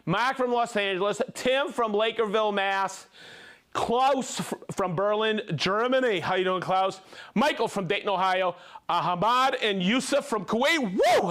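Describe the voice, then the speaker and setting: A man's voice: high voice, fairly bright tone. A man hosting a company live stream, reading out viewer names in an upbeat, casual way. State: out of breath. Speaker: livestream host. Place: company headquarters studio.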